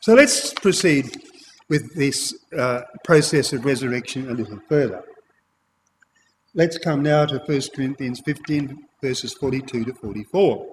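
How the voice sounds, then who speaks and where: A man preaching an expository sermon, emphatic, repeating key phrases and addressing his listeners as ladies and gentlemen. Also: mid-range voice, expressive, a little slow, a little hiss or hum. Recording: long hall reverb.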